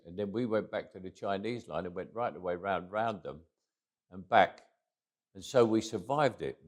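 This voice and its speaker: A man in his eighties recounting stories in an interview, reflective and often restarting his words. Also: low voice. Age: 80s. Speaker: interview guest. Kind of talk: anecdotal interview storytelling.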